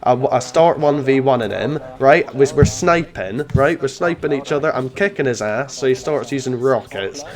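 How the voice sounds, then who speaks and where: A man's voice: mid-range voice, animated, normal speed, few pauses. Sarcastic gaming YouTuber man. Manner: sarcastic, mocking, uses "mate" constantly. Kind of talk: gameplay commentary and trash talk.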